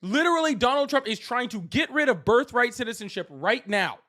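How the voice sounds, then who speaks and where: A man's voice: very high-pitched, animated, moderate pace, sharp tone. A man hosting a live call-in debate stream, angry, profane and berating.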